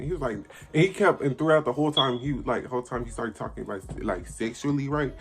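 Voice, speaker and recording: A man's voice: medium pitch, fast, hardly any pauses, fairly bright tone, faint music behind. An eighteen-year-old man casually telling a story to camera, blunt and profane, acting out what people said. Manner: blunt, profane, acts out quoted dialogue. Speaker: vlogger.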